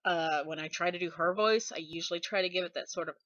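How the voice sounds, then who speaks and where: A woman's voice: on the low side, quick pace, a bit bright, no room sound. A woman vlogger chatting casually and rambling, with asides and fillers. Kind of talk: casual chat. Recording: dull lo-fi dry recording.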